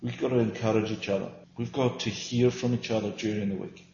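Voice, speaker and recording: A man's voice: on the low side, fairly even intonation, brisk, darkish tone, a little hiss or hum. An earnest man leads a small-group Bible teaching, pressing his points and answering his own questions. The recording is roomy and a bit dull, with faint ambience behind him.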